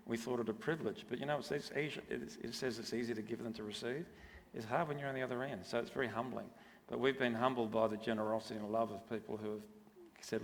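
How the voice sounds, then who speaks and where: A middle-aged man talks in an earnest, reflective way, his voice gravelly with fry. He gives a church testimony, and the long reverb of a big hall rings behind his words. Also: medium pitch, fairly even intonation, fast talker. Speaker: church speaker sharing testimony. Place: church auditorium.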